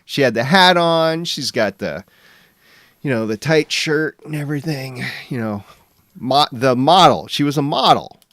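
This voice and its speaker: A man speaks slowly with a lively, swooping pitch and a bright, crisp tone while chatting on a podcast. The sound is dry. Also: no echo. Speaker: podcast co-host. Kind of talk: casual chat.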